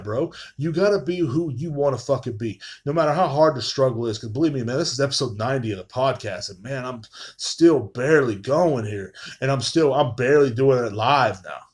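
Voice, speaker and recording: A man's voice: medium pitch, a little mellow. A man hosts a live podcast from a room at home, talking into his phone in a loose, rambling monologue. He swears constantly and keeps circling back with fillers as he chats. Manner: profane, rambling, frequent filler phrases. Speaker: podcast host.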